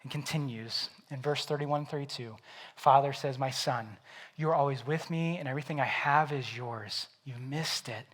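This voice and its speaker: A man preaching a sermon as pastor, animated and acting out the Bible characters in quoted voices. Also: mid-range voice, moderate pace.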